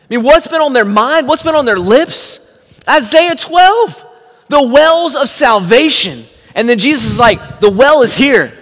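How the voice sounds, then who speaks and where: A man preaching a sermon, telling the story with animated swings from hushed to shouting. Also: very high-pitched, in a large hall. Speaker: pastor.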